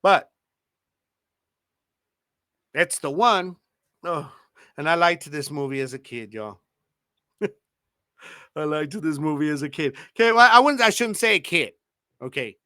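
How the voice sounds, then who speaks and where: A man's voice: a little high, lively intonation, slow, pauses often, pushed and bright, no echo, studio quality. A man in his thirties hosting a podcast, talking in laid-back, slangy banter and laughing often. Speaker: podcast host. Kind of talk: casual chat.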